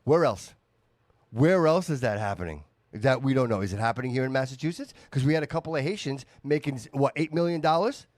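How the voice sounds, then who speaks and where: Animated man hosting a podcast. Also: medium pitch, a little fast, no echo. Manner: animated, emphatic, says "dude" often. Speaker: podcast host. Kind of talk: casual political chat.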